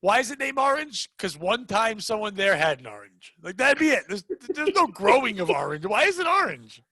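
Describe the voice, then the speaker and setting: A man from hosting a casual comedy podcast, joking in quick riffs and acting out the people he quotes. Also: high voice, sing-song, pushed and bright, dry recording. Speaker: podcast host.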